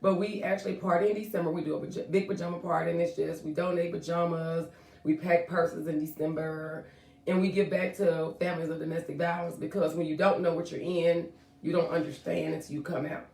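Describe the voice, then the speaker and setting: A hoarse woman speaks as a guest on a casual talk show, earnest and direct. Her voice is gravelly at a middle pitch. It sounds roomy and echoey, caught from away from the mic. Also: level tone, brisk, darkish tone, far from the mic. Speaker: guest, charity organizer.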